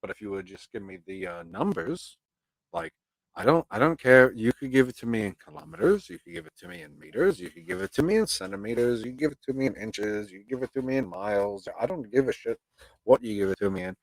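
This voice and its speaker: A man's voice: on the low side, lively intonation, brisk, no echo, rough recording. A man hosting a live stream, chatting casually with his viewers and reading their comments aloud, swearing freely and drifting into rambling rants. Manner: profane, rambling, ranting.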